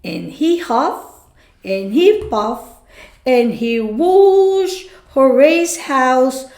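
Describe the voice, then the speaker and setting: A woman reading a children's story aloud in an expressive, sing-song way. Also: on the high side, extremely slow. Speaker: storybook reader. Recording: echoey room.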